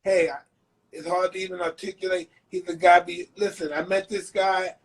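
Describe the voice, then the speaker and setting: A man chatting as a guest on a live phone video call, speaking haltingly, repeating himself and searching for words. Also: high-pitched, level tone, breathy edge, low-quality recording. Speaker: guest, retired boxer. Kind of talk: casual chat.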